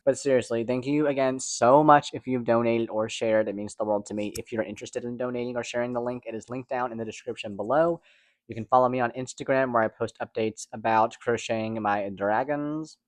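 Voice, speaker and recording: A young man talking fast and candidly in a casual personal vlog, swearing now and then, recorded at home. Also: mid-range voice, fairly even intonation, no echo. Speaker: vlogger.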